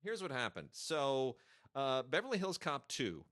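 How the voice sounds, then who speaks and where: A man on a podcast, spinning an anecdote in an emphatic, chatty way. His voice has a bright, forward edge. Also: mid-range voice, big pitch swings, a little slow. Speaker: podcast co-host. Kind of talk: casual chat and anecdotes.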